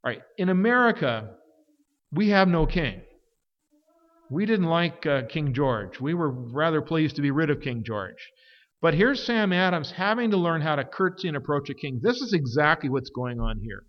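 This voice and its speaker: A man preaching a sermon, emphatic, swinging from forceful peaks down to quiet, low stretches. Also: animated, normal speed. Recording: dull sound with long hall reverb.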